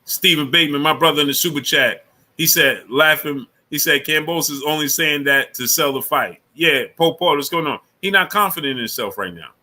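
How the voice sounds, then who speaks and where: A man's voice: a little high, brisk, sharp tone. A man hosting a casual sports talk livestream, speaking in loose slang and greeting viewers from the super chat between his takes.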